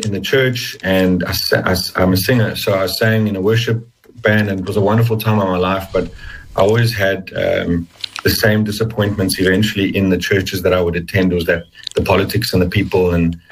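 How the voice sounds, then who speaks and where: A man's voice: low-pitched, slight background noise, low-quality recording. A man telling his personal story as an interview guest, earnest and hesitant, often restarting his sentences. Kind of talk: personal testimony in conversation.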